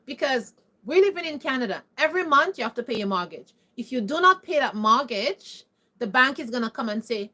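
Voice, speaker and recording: A woman talks straight to her viewers in a high, bright-pitched voice. She lectures emphatically and keeps firing rhetorical questions at them. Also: sing-song, brisk. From Caribbean. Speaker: vlogger. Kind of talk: opinionated monologue to camera.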